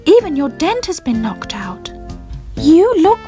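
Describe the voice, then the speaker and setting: A woman's voice: sits high, big pitch swings, a little slow, voice pushed up. A woman voicing a cheerful kitchen friend in a storybook, talking in a delighted, gushing way. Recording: children's music behind.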